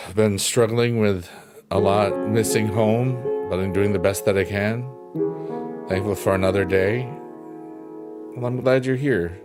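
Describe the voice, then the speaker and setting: Deep, slow-talking man over piano music. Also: steady tone. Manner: soft-spoken, reflective, halting with fillers. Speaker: live streamer. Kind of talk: casual livestream chat reading viewer comments. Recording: piano music playing behind the voice.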